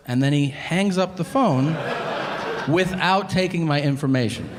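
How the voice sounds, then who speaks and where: Exasperated, profane stand-up comedian. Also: male voice, a little high, animated, normal speed. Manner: exasperated, profane, acts out both sides of conversations. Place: comedy venue on stage. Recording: live stage recording with hall reverb.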